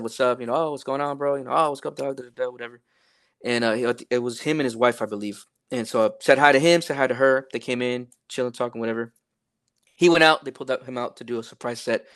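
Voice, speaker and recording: Young male podcast guest, relaxed and profane, filler-heavy storytelling, dry close sound. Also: medium pitch, dry recording. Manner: laid-back, profane, many fillers, animated retelling. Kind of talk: casual storytelling.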